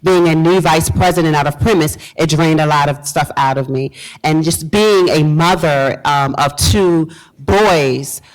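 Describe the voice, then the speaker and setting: A woman's voice: low voice, measured pace, poor audio. A woman from Virginia, a pastor giving a motivational talk to a live audience, repeating key phrases and quizzing the room. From Virginia, US South. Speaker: pastor and speaker.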